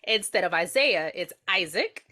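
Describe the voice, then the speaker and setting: A woman's voice: on the low side, expressive, normal speed, bright, forceful tone. A woman co-hosting a podcast, recapping an episode in playful, sassy, teasing chat. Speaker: podcast co-host.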